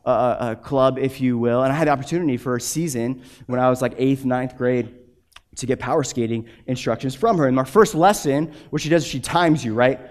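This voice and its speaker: A young man preaching a sermon, telling a story with animated energy and frequent restarts. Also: mid-range voice, fairly quick. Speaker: pastor.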